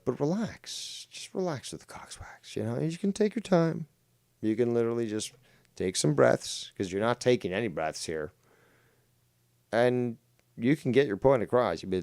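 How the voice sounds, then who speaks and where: A man's voice: fairly low pitch, a little mellow, smooth, no echo, studio quality. Mocking, profane male stream host. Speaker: livestream host. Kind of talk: casual commentary rant.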